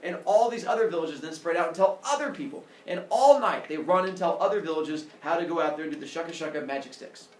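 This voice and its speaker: A man's voice: on the high side, lively intonation, quick pace, few pauses. A man teaching a class, retelling a myth playfully with lots of sound effects. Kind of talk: animated myth storytelling to a class. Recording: echoey classroom from far off.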